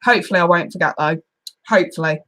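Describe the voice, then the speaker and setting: A woman's voice: on the low side, fast, sharp tone. A woman hosting a live tarot stream, chatting casually and giggling as she greets viewers by name.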